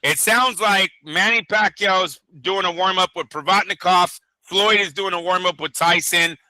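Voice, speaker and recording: A man talking boxing in loose, casual chat, swearing freely and getting worked up quickly. His voice is very bright and forceful. The sound is close and dry. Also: high-pitched, dry recording, low-quality recording. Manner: animated, profane, excitable. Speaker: boxing show co-host.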